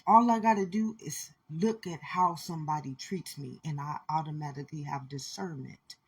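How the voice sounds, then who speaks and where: Woman preaching hard at her listeners, husky breathy voice, keeps hammering the same lines. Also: deep voice, moderate pace. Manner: intense, repetitive, preachy, addresses listeners directly. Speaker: spiritual speaker. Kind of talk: impassioned spiritual monologue.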